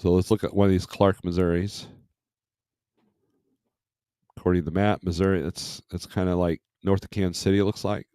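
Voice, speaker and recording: A man's voice: deep voice, flat delivery, fast talker, mellow, clear, resonant tone, no room sound, clean studio sound. A man hosting a casual trucking livestream, rambling as he reads load listings aloud and comments on them. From Michigan.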